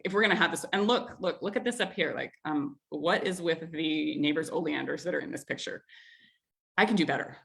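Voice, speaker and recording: A woman in her thirties who hosts a community group tells a family story during an online group talk. Her fairly low-pitched delivery is chatty and animated, full of laughs and filler words.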